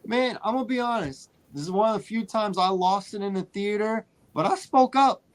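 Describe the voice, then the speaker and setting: A man co-hosting a casual movie podcast, telling a story in an animated way and repeating phrases for emphasis. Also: sits high, fairly quick. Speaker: podcast co-host.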